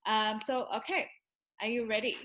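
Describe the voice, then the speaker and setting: Lady presenting comics to kids, cheerful, high bright voice. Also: fairly even intonation, moderate pace, muffled recording. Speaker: comic creator host. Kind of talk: friendly presentation to children.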